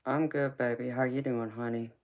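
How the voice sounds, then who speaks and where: On a live stream, a woman who works as a tarot reader chats casually in a low, deep voice with a Southern accent. She's easygoing and laughs a lot, calling her viewers honey and baby, and her tone stays steady and a little mellow at a moderate pace.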